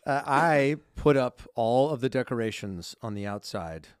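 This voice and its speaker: A man's voice: medium pitch, lively intonation, a little slow, clean tone, dry recording, clean studio sound. A man in his forties co-hosting a casual podcast, chatty and storytelling, full of fillers. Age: 40s. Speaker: podcast co-host. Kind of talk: casual chat.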